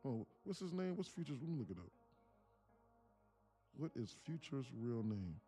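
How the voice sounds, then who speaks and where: A man's voice: medium pitch, sing-song, normal speed, dark tone, soft background music. A man hosting a livestream, rambling and joking casually in a loose rant. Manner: rambling, joking, laughs often. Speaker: day trading livestreamer.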